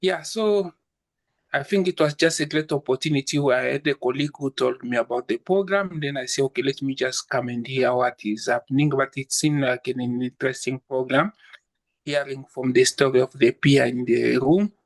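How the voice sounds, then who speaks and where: A man's voice: medium pitch, normal speed. A man from the Democratic Republic of Congo, introducing himself politely with many hesitations. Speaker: participant. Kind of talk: personal introduction on a group call.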